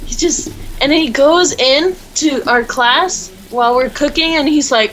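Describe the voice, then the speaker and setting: A woman's voice: high voice, normal speed, few pauses, fairly bright tone, a little hiss or hum, low-quality recording. A teenage girl co-hosting a casual podcast, telling a long rambling story full of fillers. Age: teens. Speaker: podcast co-host. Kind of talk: casual chat.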